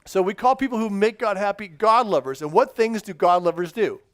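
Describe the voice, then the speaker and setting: A man's voice: high-pitched, brisk, fairly bright tone, no room sound, studio quality. A middle-aged man giving a children's sermon in church, quizzing the kids and praising their answers in an upbeat, encouraging way. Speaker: children's pastor. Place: church sanctuary.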